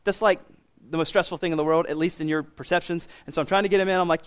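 A man in his thirties preaching a sermon as pastor, animated and getting loud when he acts out what others say. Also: on the high side, fast.

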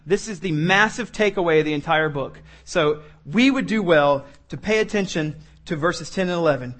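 A man preaching a sermon, animated, acting out the lines of the people in the story and laughing often. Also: a little high. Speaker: pastor.

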